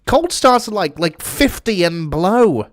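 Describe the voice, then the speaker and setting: A male game streamer talks in a put-on British accent, cursing casually and answering his chat as he plays. His voice sits a little high for a man. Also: very animated, unhurried. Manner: chatty, swears often, answers chat while playing. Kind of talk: casual gameplay commentary.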